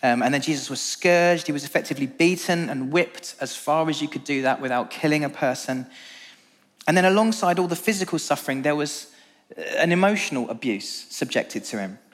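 A man preaching a sermon and reading scripture aloud, earnest and measured, dropping low and slow for emphasis. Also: lively intonation. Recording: long reverb of a large hall.

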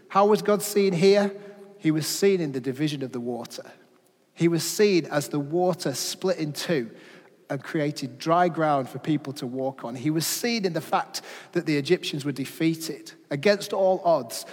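A middle-aged preacher with a notably high voice works through a sermon with rhetorical questions and everyday stories. He drops his volume at the key lines. His voice rings with the long reverb of a church hall. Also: a little mellow.

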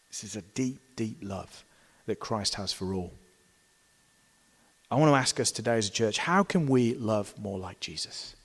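A man preaching a sermon in a church, emphatic and dynamic, pressing hard on key words and then dropping to a hushed tone. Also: on the low side, slightly rough, in a large hall. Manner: emphatic, swings between loud stresses and quiet drops.

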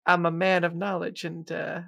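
A podcaster doing a hushed mafioso goblin boss. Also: medium pitch, level tone, moderate pace, gravelly, no room sound, studio quality. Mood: menacing hospitality. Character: smooth mafioso goblin crime boss, male. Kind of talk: impression within casual podcast chat.

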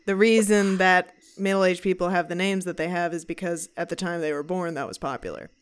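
A woman's voice: on the low side, a little fast, slight background noise. A woman co-hosting a podcast, chatting casually and telling a ghost story, sometimes putting on accents. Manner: animated storyteller, puts on accents. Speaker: podcast co-host.

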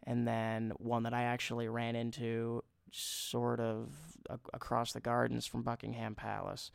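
A man's voice: mid-range voice, completely flat delivery, measured pace, vocal fry, clean tone, no room sound, studio quality. A young man casually recounting a trip, rambling and chatty, often breaking into laughter. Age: young adult. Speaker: podcast host. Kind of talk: casual travel storytelling.

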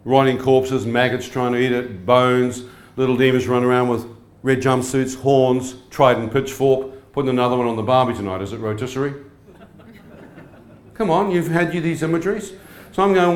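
A man preaching a testimony sermon, animated and questioning his listeners. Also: medium pitch, normal speed. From New Zealand. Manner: animated, asks the crowd questions. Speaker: evangelist. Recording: echoey hall.

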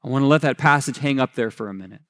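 A man's voice: mid-range voice, racing, a bit bright. A male pastor giving a sermon in a conversational way, often restarting phrases and correcting himself, and retelling scripture in casual everyday wording. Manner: conversational preaching with frequent restarts and self-corrections.

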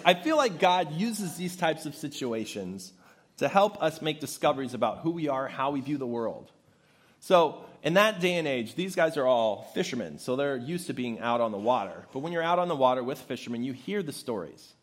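Male pastor, conversational sermon delivery, lively and expressive pitch, animated storyteller. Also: moderate pace.

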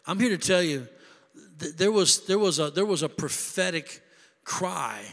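A man preaching a sermon as pastor, building into shouted preacherly crescendos. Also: high voice, animated, measured pace, creaky, long reverb tail. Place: church sanctuary.

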